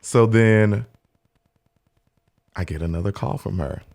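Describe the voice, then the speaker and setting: A deep-voiced young man co-hosts a casual podcast. He tells stories in a rambling way, with "like" in nearly every phrase, and he breaks into high mock voices when he quotes people. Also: slow, gravelly, darkish tone. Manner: rambling retelling with many "like" fillers. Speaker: podcast co-host and hair stylist. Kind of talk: casual storytelling chat.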